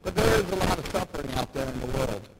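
A man's voice: a little high, expressive, fast talker, creaky. A man preaching a sermon, emphatic, repeating phrases for stress. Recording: loud background noise.

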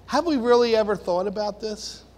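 A man's voice: high-pitched, normal speed, long reverb tail. A man preaching a sermon to a room of listeners, earnest and full of rhetorical questions.

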